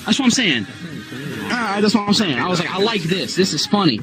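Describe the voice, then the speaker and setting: A man joining a casual chat, teasing and laughing in quick banter. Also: high voice, big pitch swings, music in the background. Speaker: chat participant.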